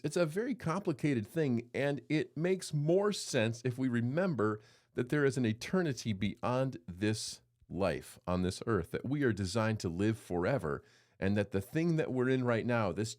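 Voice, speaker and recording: Male devotional host in his forties, animated pitch, folksy storyteller who acts out quotes. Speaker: pastor hosting a daily devotional podcast.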